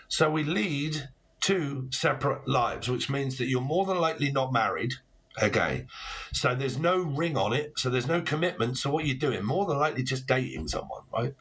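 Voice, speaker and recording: A man's voice: mid-range voice, expressive, normal speed, fairly bright tone, slightly rough. A man in his forties giving a casual tarot reading, rambling with puns and frequent swearing. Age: 40s. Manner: rambling, punning, swearing freely. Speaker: tarot reader.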